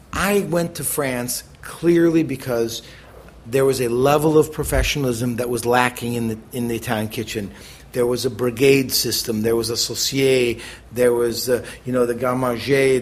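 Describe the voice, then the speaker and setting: A middle-aged American man, a chef as interview guest, telling animated stories and acting out the people he quotes. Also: mid-range voice, slightly rough. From United States. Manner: animated, acts out quoted voices, quick bursts. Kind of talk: conversational storytelling.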